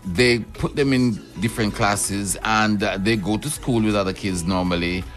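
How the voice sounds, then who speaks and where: A man co-hosting a casual talk show, arguing his side in an animated, teasing way. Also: on the low side, soft background music. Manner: animated, teasing, quick to argue. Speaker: co-host. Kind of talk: casual chat.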